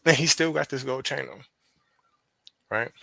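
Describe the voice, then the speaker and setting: A man with a Pennsylvania accent, a podcast guest telling a story in casual chat, profane and animated as he acts out quoted dialogue. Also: mid-range voice, a little slow, vocal fry, no echo.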